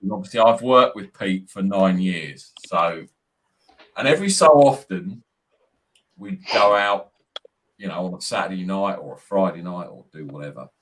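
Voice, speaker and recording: A man's voice: low-pitched, a bit bright, a little hiss or hum. A man hosting a casual sports podcast, blunt, sweary and teasing. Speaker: host.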